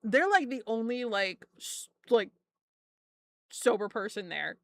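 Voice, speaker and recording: A young woman streamer chats in a slightly high voice at an unhurried pace, laughing often and swearing freely as she rambles through her stories. She is recorded close and completely dry, with no room sound. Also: expressive, dry recording. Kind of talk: casual chat stream.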